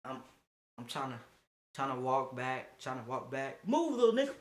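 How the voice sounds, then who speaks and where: A young man on a phone live stream, telling a story in a profane, animated way and acting out what people said. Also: mid-range voice, a little slow, a little hiss or hum.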